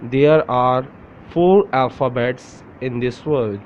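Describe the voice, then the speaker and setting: Very slow-talking male language teacher. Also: medium pitch, darkish tone. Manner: spells words letter by letter and repeats them. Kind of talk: slow step-by-step pronunciation lesson. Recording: dull lo-fi recording with faint noise.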